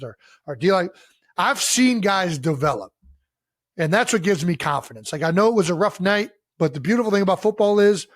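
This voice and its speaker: High-voiced, swearing podcast co-host man. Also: dry recording, studio quality. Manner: long, emphatic explanations with frequent swearing. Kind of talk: casual sports chat.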